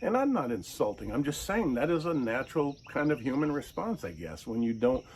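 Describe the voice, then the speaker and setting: A man, the channel's host, telling a casual story, animated and acting out the people he quotes in raised voices. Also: mid-range voice, a little fast, slight background noise.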